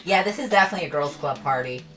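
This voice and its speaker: Animated, jokey woman co-hosting a stream. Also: sits low, racing, faint music behind, poor audio. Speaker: stream co-host. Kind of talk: casual let's-play commentary.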